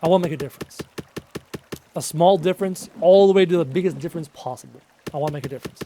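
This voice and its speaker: High-voiced man streaming a game. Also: fast talker, warm tone, slight background noise. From Canada. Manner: emphatic and repetitive, answering chat aloud. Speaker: gaming streamer. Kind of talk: casual live-stream chat while playing.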